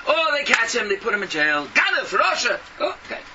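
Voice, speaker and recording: A man preaching an impassioned sermon, scolding and firing rhetorical questions with bursts of shouting. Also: very high voice, big pitch swings, a little fast. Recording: distant, dull lo-fi, noisy.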